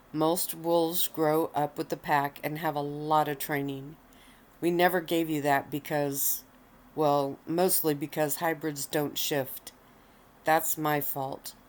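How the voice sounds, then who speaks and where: A woman reading the lines of a stern male werewolf pack alpha, firm and measured, in a low voice. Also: darkish tone. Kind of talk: read-aloud story.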